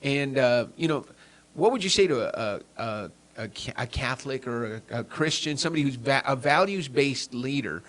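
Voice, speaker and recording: A man's voice: medium pitch, expressive, normal speed, fairly bright tone. A man hosting a podcast interview, talking casually and earnestly, often repeating words as he restarts. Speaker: podcast host.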